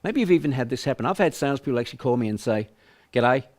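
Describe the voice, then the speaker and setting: A man's voice: medium pitch, expressive, rapid-fire, a little mellow. An older Australian man teaching sales prospecting, emphatic, acting out small voices to make his points. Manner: emphatic, acts out voices to illustrate. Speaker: sales trainer. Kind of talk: business training presentation.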